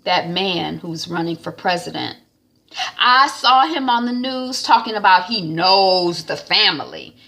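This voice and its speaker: A woman doing a scolding older mother, proud, cutting, bright lively voice. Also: fairly low pitch, measured pace, exaggerated voice. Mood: accusing.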